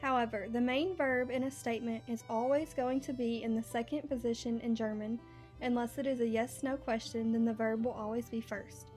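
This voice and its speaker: A woman narrating a scripted class presentation, reading steadily and slowing down for example words. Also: a little high, steady tone, darkish tone, soft background music. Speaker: student presenter.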